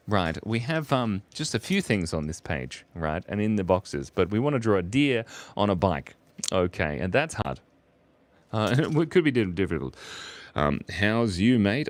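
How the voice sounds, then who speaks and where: A young man on a casual live stream, drawing while chatting playfully, reading chat messages aloud and laughing often. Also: sits low. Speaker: livestream artist drawing for chat.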